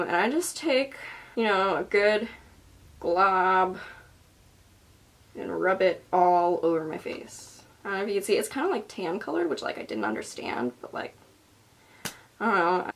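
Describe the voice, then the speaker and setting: A young woman rambling through a casual makeup tutorial in her bedroom, swearing freely and mocking herself as she goes. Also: medium pitch. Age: young adult. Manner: rambling, profane, self-mocking. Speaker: beauty vlogger. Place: bedroom at home.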